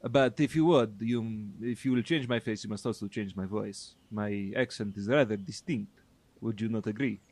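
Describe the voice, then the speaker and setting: A man's voice: on the low side, normal speed, darkish tone. A man voicing a proud, formal adventurer who speaks in stiff, courteous phrases. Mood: measured.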